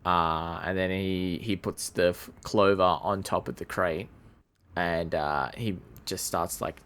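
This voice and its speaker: Man, podcast co-host, very low voice, casual, halting. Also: steady tone, fairly bright tone, clear, resonant tone. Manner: laid-back, swearing, halting. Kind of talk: casual film-recap chat.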